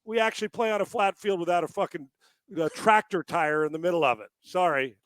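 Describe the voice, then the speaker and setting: A man co-hosting a sports talk podcast, ranting with lots of swearing, laughing often and breaking into shouts. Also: sits high, a little fast, no room sound. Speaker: podcast co-host.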